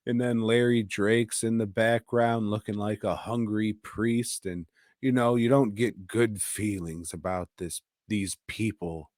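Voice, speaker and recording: A man's voice: mid-range voice, a little mellow, dry recording, studio quality. A middle-aged man, tipsy from drinking, hosting a podcast and giving a casual, profane, rambling episode review. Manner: profane, rambling, laughing at his own jokes.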